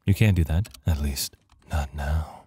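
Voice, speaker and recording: Guy playing an old adventure game and joking about it, deep mellow voice, takes his time. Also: a little slow, breathy edge. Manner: jokey, self-mocking, reads game text aloud. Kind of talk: let's play commentary.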